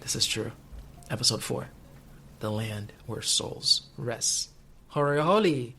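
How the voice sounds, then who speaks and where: Joking, animated young male podcaster. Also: fairly low pitch, takes it slowly, vocal fry, soft background music. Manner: joking, animated, laughs often. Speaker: podcast co-host. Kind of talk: casual chat.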